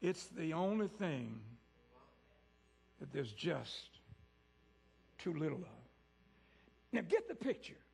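Animated preacher with a husky voice. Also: male voice, slow, long pauses. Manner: animated, swings from loud highs to hushed lows; talks directly to the congregation. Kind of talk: sermon. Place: church before a congregation.

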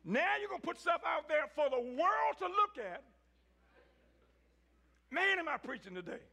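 A man preaching a sermon, swinging between shouted peaks and low, quiet stretches. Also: sing-song, unhurried, gravelly. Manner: rising to shouts, then dropping low.

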